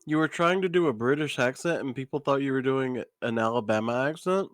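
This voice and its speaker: Relaxed male esports co-commentator, dry sound. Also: medium pitch, fairly quick, no echo. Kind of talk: live game commentary.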